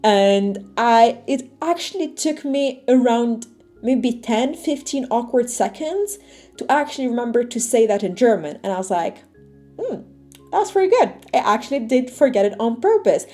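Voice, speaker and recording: Mellow-voiced woman vlogger, light music behind. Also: fairly high pitch. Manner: chatty, storytelling, lively. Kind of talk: casual talking-to-camera vlog.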